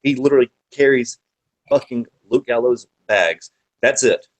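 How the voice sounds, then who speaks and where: A man in a casual podcast chat who rambles through stories with plenty of swearing. His voice sits at an ordinary middle pitch, and his telling is lively and unfiltered. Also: normal speed, low-quality recording. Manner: profane, animated, rambling anecdotes. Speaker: podcast guest, wrestling manager.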